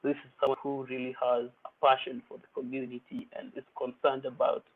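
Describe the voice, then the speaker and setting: A man's voice: mid-range voice, monotone, brisk. A man hosting a poetry open mic, introducing the featured poets in a casual, hyped way with many fillers. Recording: tinny phone-like audio.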